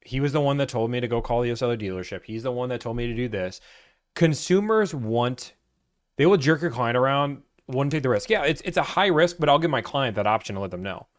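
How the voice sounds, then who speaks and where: Joking, sarcastic livestream host. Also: male voice, medium pitch, fairly quick. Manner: animated, sarcastic, teasing chat. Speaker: livestream host, car buying broker. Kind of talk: casual livestream chat reading comments. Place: his office.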